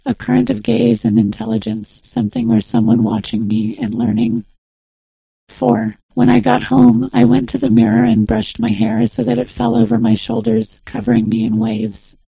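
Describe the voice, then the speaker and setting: A woman narrating a first-person audiobook in a reflective, even way. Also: a little high, creaky, breathy edge, no room sound. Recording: slightly muffled dry recording.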